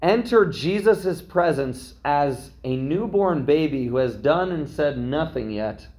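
A man's voice: a little high, lively intonation, slow pace, darkish tone. A man preaching a sermon in a conversational way, often checking in with his listeners. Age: young adult to middle-aged, a parent. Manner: conversational preaching, frequent "right?" asides. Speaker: pastor.

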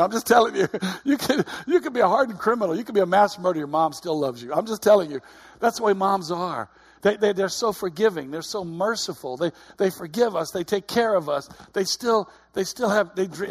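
A man's voice: high-pitched, breathy edge. A middle-aged man giving a conversational sermon, earnest, often repeating his words. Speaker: preacher.

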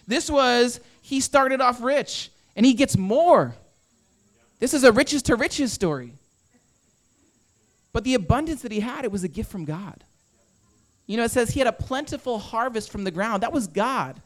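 A man's voice: extremely high pitch, expressive, moderate pace, no echo. A man preaching a conversational sermon, full of rhetorical questions and acted-out quotes. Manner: acts out quoted inner voices. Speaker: pastor.

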